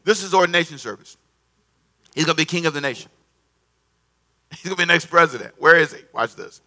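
Bright-voiced animated male preacher. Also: on the high side, a little fast, long pauses. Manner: animated, repetitive, conversational preaching with call-and-response. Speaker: pastor. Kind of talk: sermon.

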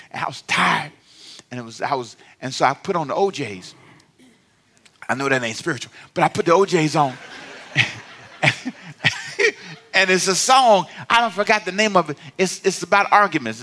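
A man's voice: sits high, pushed and bright. A middle-aged man, a pastor, preaching a sermon in a playful, conversational way and calling on the congregation to respond.

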